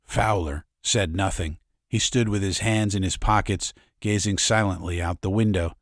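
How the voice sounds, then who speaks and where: A man narrating an audiobook in a measured, dramatic reading, recorded in a studio. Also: deep voice, steady tone, no room sound. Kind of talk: scripted narration.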